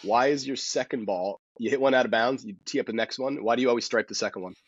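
Male golf pro, podcast guest: rapid, husky, lowish voice, dry dull lo-fi sound. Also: no room sound. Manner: rapid, animated storytelling with many restarts. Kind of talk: casual podcast interview.

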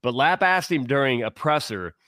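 A man's voice: medium pitch, lively intonation, moderate pace, pushed and bright, no room sound, clean studio sound. A man co-hosting a casual sports talk show, speaking with passion and rambling through many restarts. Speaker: podcast co-host.

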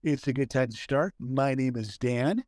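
A man's voice: mid-range voice, moderate pace, a little mellow, no echo, clean studio sound. A man from Southern California co-hosting a casual podcast, telling a story with many fillers and restarts. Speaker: podcast co-host. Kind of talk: casual chat.

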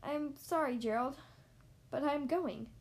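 A woman voicing a cheerful, calm young female pig in a children's storybook read-aloud, speaking in a matter-of-fact, breezy way. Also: sits high, measured pace.

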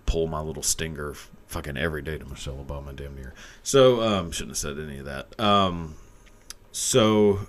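A man's voice: rumbling low, slight background noise. A young man ranting crudely into his camera, rambling, swearing and breaking into laughter as he goes. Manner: profane, rambling, laughing often. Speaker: video commentator. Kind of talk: crude comedic rant. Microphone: camera mic.

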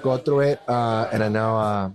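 A man's voice: on the low side, steady tone, normal speed. A man hosting a casual podcast, easygoing, often laughing, and asking his co-hosts questions. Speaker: podcast host. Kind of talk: casual chat.

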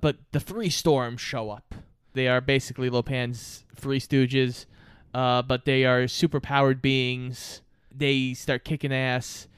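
A man's voice: medium pitch, level tone, slow, clear, resonant tone, no echo. A man co-hosting a casual movie review chat, laying out the plot in an easygoing way. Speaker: podcast co-host.

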